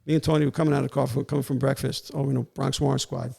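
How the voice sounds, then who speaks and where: An older man's gravelly, mid-range voice races along as he tells a story in a casual interview. He's a retired police warrant officer, and he animatedly acts out the voices of everyone involved.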